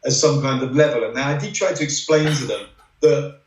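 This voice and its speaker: A man's voice: medium pitch, a little fast, slight background noise. A middle-aged man telling rambling racing stories as a podcast guest, with lots of "you know"s. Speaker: guest, former racing driver. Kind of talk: anecdotal podcast interview. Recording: roomy sound, distant from the mic.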